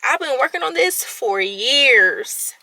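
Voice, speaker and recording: A woman's voice: high-pitched, slow pace, dry recording, poor audio. A woman in her late twenties talking candidly about her feelings, her voice at times cracking as she holds back tears. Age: 20s. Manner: candid, expressive, swings between soft and loud. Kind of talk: emotional personal venting.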